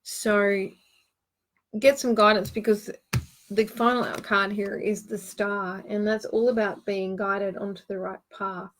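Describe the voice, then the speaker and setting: A woman's voice: medium pitch, flat delivery, unhurried, fairly bright tone. A woman hosting a live online card-reading show, giving earnest, reassuring advice with plenty of ums and restarts. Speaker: host and tarot card reader.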